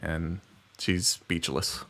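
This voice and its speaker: A man narrating as game master of a tabletop game, with halting delivery and frequent laughs. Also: low-pitched, steady tone, a bit bright.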